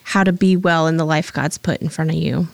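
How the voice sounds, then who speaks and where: Thoughtful woman co-host, low voice. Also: steady tone, brisk, vocal fry, dry recording. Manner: thoughtful questioning, rephrases as she goes. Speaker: podcast co-host. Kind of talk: faith podcast conversation.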